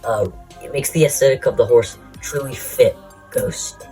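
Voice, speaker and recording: A man's voice: medium pitch, normal speed, warm tone, faint music behind, poor audio. A man giving rambling, crude casual commentary, out of breath, with jokingly insulting asides. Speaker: YouTuber ranking Pokémon.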